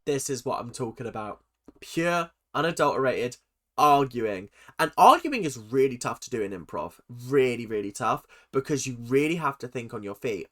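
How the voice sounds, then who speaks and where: A reaction host rants through an episode with heavy sarcasm. The pitch swings widely from line to line while staying mid-range overall. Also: sing-song, moderate pace, a bit bright. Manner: ranting, sarcastic. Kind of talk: casual reaction commentary.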